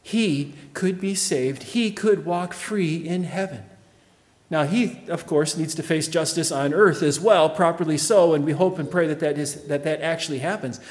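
Male pastor, slightly high voice, emphatic sermon delivery, church reverb. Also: moderate pace. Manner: emphatic preaching, swells loud then drops low.

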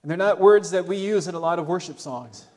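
A male pastor preaching a sermon, earnest and urging, dropping soft on solemn points. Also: high voice, a little fast.

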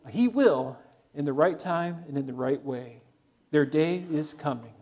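A male preacher with a fairly high voice delivers an earnest sermon. He urges his listeners on and drops quiet and soft on solemn points. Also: normal speed. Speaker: pastor.

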